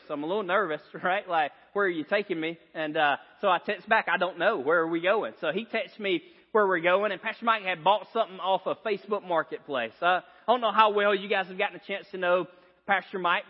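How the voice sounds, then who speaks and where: A man preaching a sermon as pastor, telling stories with frequent laughs and repeated phrases. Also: high-pitched. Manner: storytelling, laughs often, repeats phrases for emphasis. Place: church sanctuary. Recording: dull sound in a long-reverb hall.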